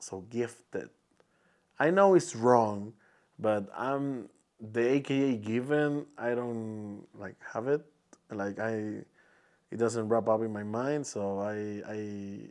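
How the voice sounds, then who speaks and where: Speaking slowly in a fairly low, darkish voice, a young Peruvian man hosts a casual solo podcast in English, which is his second language. His Peruvian Spanish accent is clear as he gropes for words and restarts many times.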